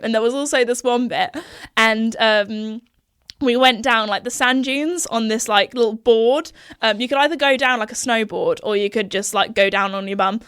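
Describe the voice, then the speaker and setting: A woman's voice: a little high, fairly bright tone, no echo, studio quality. A woman in her twenties with a posh southern English accent, hosting her podcast and chatting in a rambling way, with lots of fillers and laughs. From southern England. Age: 20s. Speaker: podcast host. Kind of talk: casual rambling chat.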